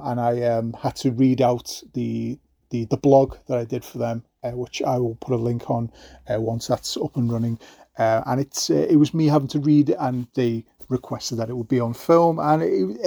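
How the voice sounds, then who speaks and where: A man's voice: mid-range voice, creaky, dark tone, no echo, clean studio sound. A man hosting his own podcast alone, talking in a loose, rambling way with lots of fillers and restarts. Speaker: podcast host. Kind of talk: solo podcast monologue.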